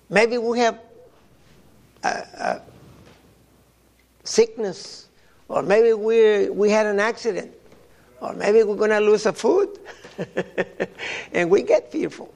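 Halting older man preaching, gravelly. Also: high voice, expressive, darkish tone. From Mexico. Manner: halting, repeats words, storytelling. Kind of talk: sermon.

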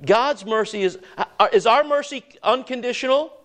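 A preacher with a high voice leads his congregation through scripture, pausing to ask them questions and waiting for their answers. He drags out key words for weight, then drops low and quiet to press a point home. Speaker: pastor. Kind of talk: sermon.

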